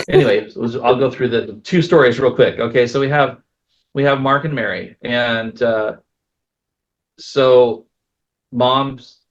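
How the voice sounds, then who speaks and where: A male attorney gives a casual seminar talk and tells stories, full of ums and restarts. His voice is gravelly, at a mid pitch, on a dull, lo-fi recording. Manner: casual, storytelling, many fillers. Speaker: estate planning attorney.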